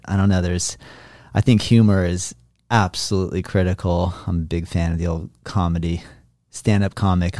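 A man with a very deep voice muses aloud in casual conversation. He pauses and restarts as he thinks, with the odd laugh. His voice sounds dry and close. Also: a little mellow, no room sound. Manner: reflective, halting, with restarts and laughs.

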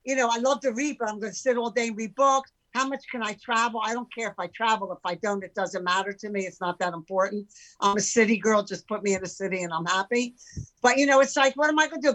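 A woman in her sixties, an entrepreneur guest in casual chat, talking in an animated, emphatic way with many rhetorical questions. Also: on the high side, rough recording.

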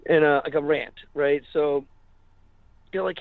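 A man's voice: on the high side, steady tone, unhurried, vocal fry, long pauses, dry recording, narrow, tinny audio. A man casually telling a rambling story in an interview, full of fillers and acted-out quotes. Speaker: musician guest.

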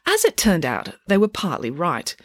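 A woman narrating a children's storybook in a wry, expressive way. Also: lowish voice, moderate pace, husky, no room sound, clean studio sound. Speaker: audiobook narrator.

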